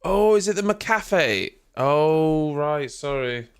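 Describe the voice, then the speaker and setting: A man's voice: on the high side, lively intonation, slow pace, clean tone. A man hosting a live stream early in the morning, still half asleep, drowsily chatting with viewers and greeting them by name. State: sleepy, just woken up. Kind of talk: casual live reaction chat.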